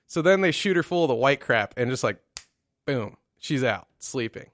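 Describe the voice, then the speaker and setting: A man's voice: medium pitch, lively intonation, normal speed, a bit bright, no room sound. A man telling a crude story in casual chat, sarcastic and profane, often putting on the voices of the people in it.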